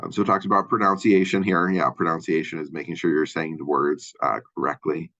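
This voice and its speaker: A man from Minnesota with a Minnesotan accent and a deep voice, giving a casual college lecture full of fillers and restarts. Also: little pitch movement, fairly quick, vocal fry, a bit bright, muffled recording. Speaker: college instructor. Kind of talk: lecture overview of a textbook chapter.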